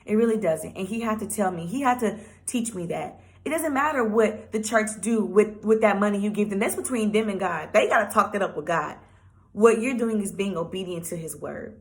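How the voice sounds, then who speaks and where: A young woman vlogger telling a personal testimony in a chatty, animated way, with lots of fillers. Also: medium pitch, a little fast.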